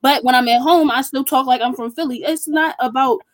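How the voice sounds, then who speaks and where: Calm young woman from Philly. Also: high-pitched, brisk. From Philadelphia. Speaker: debate participant. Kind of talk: group discussion.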